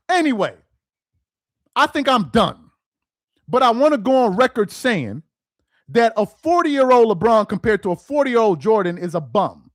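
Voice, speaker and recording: A man hosting a sports rant show, mocking and exasperated, firing off rhetorical questions, tripping over repeated words and rising into shouts. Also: sits high, big pitch swings, moderate pace, pauses often, no echo, studio quality. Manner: stumbles and repeats words when worked up; rises into shouts. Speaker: sports commentator host.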